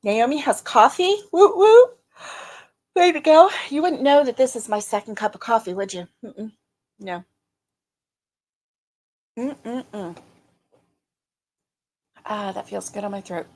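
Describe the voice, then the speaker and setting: Her voice is medium-pitched with a slight strain in the throat as this middle-aged woman runs a casual livestream. She's talkative, laughs readily, and greets viewers by name.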